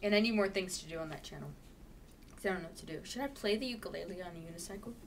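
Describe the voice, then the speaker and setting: A young woman vlogging casually to camera, chatty and playful, now and then breaking into loud sing-song bits. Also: on the low side, very fast, a little hiss or hum. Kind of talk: casual vlog chat.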